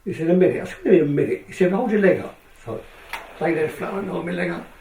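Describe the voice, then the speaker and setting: A man's voice: fairly high pitch, rapid-fire. An older man, a retired speedway rider from England, telling a long anecdote and acting out the other people's lines. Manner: animated storyteller, acts out other people's lines. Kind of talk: anecdotal storytelling. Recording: echoey room, from a distance.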